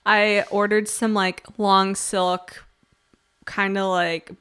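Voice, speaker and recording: A woman's voice: medium pitch, little pitch movement, slow, fairly bright tone, clean tone. A young woman hosting a podcast in casual chat, talking in a chatty way with lots of "like" and frequent laughs. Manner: chatty, heavy use of "like", laughs often. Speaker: podcast host.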